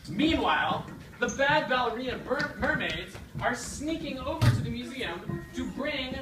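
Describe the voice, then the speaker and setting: A woman's voice: high-pitched, lively intonation, a little slow, loud music behind the voice. Woman narrating a kids' story play, distant and echoey. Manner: guiding, prompting lines for children to repeat. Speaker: children's drama teacher. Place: rehearsal room with children. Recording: echoey room, distant mic, background noise.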